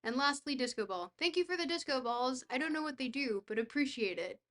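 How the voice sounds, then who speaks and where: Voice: sits high, animated, fairly quick, a bit bright. A young adult streamer in casual chat, reading messages aloud and answering them in a dry, joking, rambling way.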